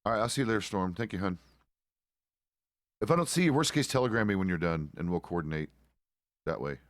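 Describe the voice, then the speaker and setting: Playing a deputy on his roleplay stream, a middle-aged man rambles casually, swearing now and then and fixing his sentences midway. He sounds low-pitched, expressive and brisk, in clean studio audio with no echo.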